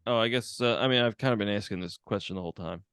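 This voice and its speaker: A man's voice: fairly low pitch, very fast, a bit bright. A man co-hosting a podcast, chatting casually with crude jokes, swearing and laughter. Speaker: podcast co-host. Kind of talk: casual chat.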